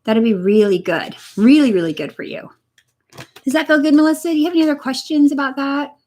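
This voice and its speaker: A young woman with a slightly high voice gives a live-streamed energy reading from her home. She speaks softly and encouragingly, addressing her viewers one by one by name. Her sound comes through a computer mic. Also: brisk. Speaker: energy reader.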